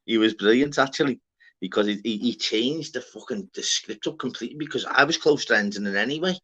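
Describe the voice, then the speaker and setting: A man hosting a livestream in casual chat, retelling stories in an animated way, swearing and calling people "lad". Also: medium pitch, brisk, slightly rough, lo-fi sound. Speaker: livestream host.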